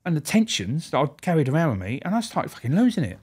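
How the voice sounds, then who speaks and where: Swearing ex-prison officer. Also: male voice, on the high side, fast talker, husky. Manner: animated, acts out quoted voices. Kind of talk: candid storytelling, swearing.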